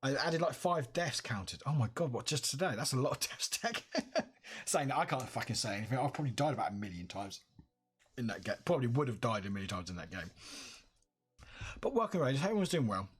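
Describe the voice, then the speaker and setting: A man's voice: medium pitch, big pitch swings, fairly quick, breathy edge. A tired man chatting casually on a live stream, upbeat and greeting his viewers by name.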